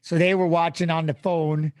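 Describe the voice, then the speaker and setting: Male interview guest: animated, emotional storyteller who voices other people's lines; a bit high-pitched, recorded dry. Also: normal speed, smooth, no echo. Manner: animated, acts out quoted voices, swears casually.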